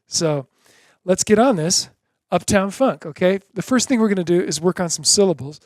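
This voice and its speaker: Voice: medium pitch, lively intonation, normal speed, darkish tone, no echo, studio quality. A drum teacher giving a beginner lesson in an encouraging way, chanting drum syllables in rhythm.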